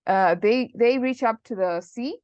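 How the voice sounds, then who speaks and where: A woman's voice: on the high side, measured pace, darkish tone, no room sound. Woman teaching grammar, dull dry sound. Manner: explains patiently, switches into Arabic quotes. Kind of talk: casual online lesson.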